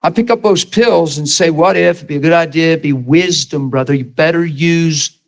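A man's voice: on the high side, normal speed. A middle-aged man preaching a sermon, telling a personal story and acting out the voices in it. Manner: animated storyteller, acts out voices, laughs.

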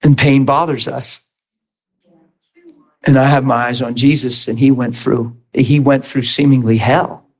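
A middle-aged man preaching a fervent, emphatic sermon testimony as pastor, laughing between points. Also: medium pitch.

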